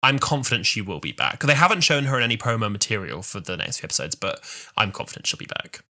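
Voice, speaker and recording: Bright, forceful young man chatting. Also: on the low side, sing-song. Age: 20s. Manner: enthusiastic, quick restarts while thinking aloud. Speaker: podcast co-host. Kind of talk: casual chat.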